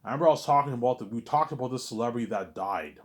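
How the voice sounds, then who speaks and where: A man's voice: medium pitch, animated, racing. A young man rambling to camera in a monologue, stammering and repeating himself, trailing off on a mumbled "obviously.". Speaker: vlogger.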